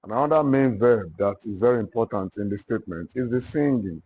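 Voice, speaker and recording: A man with a Nigerian accent teaching literature to a class, dictating notes and repeating each phrase slowly. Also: fairly low pitch, animated, mellow, a little hiss or hum. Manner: slow, repetitive dictation.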